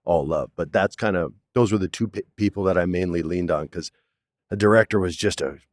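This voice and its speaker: Man, 40s, low voice, chatty and animated storyteller, dry studio sound. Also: brisk, dry recording. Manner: animated storyteller, acts out quotes, says "man" often. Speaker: actor, interview guest. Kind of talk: casual storytelling interview. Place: studio, in person.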